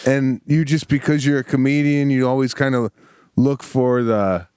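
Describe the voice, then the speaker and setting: A man co-hosting a podcast, casually telling an animated story and acting out the voices of the people in it. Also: mid-range voice, normal speed, clear, resonant tone, no room sound, studio quality. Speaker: podcast co-host.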